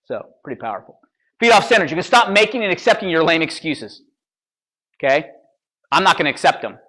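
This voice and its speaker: A man's voice: fairly high pitch, lively intonation, brisk, long pauses, bright, forceful tone. A man coaching real estate agents at a seminar, punchy and blunt, constantly checking in with "all right?" and "okay?" and mocking excuses. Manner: acts out excuse-makers in mocking voices. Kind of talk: motivational seminar talk.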